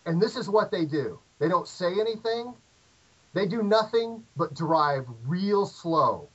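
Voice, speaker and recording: A man's voice: sits high, unhurried, husky. Rambling middle-aged man on a dull line. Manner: rambling, animated anecdote with many fillers and restarts. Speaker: podcast guest. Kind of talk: casual storytelling. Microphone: remote call audio. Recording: dull lo-fi call audio.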